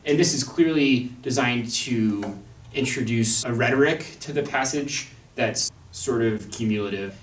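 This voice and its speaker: A young man teaching a violin excerpt in a thoughtful, wry manner, with fillers and restarts. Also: medium pitch. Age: young adult. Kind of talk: instructional talk on an orchestral excerpt. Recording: echoey room, mic at a distance.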